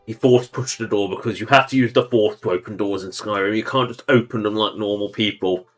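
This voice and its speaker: A man's voice: on the low side, fairly quick, soft background music. A man giving playful, rambling gameplay commentary on a livestream. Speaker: streamer.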